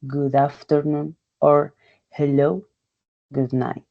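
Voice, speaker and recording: Woman, low-pitched and very slow, halting pronunciation drill, muffled lo-fi audio. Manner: halting, repeats words and sounds one by one. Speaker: English learner presenting a pronunciation task. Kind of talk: slow, careful pronunciation practice with example sentences.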